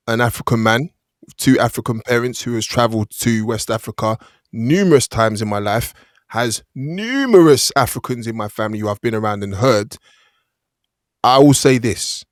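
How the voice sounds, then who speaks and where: Man co-host, mid-pitched and dry, reasoned and deliberate in debate. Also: no room sound. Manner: measured, reasoned, builds an argument. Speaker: podcast co-host. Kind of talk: casual film review chat.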